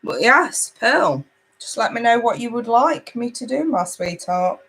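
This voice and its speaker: A woman's voice: fairly high pitch, lively intonation, a little slow, fairly bright tone, slightly rough. A chatty woman hosting a live tarot reading. She talks casually and affectionately to her viewers, calling them babe and sweetheart as she reads out their comments. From United Kingdom. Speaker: tarot reader hosting a livestream. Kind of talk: casual livestream chat.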